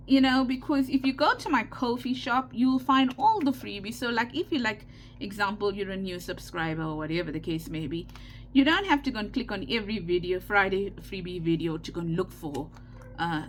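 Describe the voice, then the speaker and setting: A woman's voice: mid-range voice, slight background noise. A woman with a South African Indian accent hosting a casual craft tutorial, chatty and given to repeating herself with frequent "okay" check-ins. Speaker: craft channel host.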